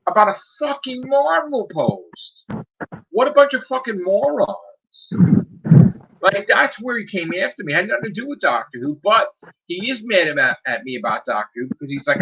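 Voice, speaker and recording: A man with a high, wildly swinging voice rants heatedly on a podcast and swears constantly. The audio is dull and lo-fi, with a clear layer of noise underneath. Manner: profane, heated, ranting. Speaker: podcast co-host. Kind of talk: casual podcast rant.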